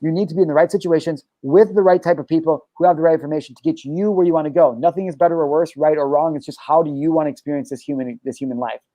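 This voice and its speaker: Fast-talking, emphatic, profane male host. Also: a little high, fairly even intonation, dark tone, dry recording. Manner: emphatic and profane, telling personal stories. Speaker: show host and life coach. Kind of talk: casual podcast conversation.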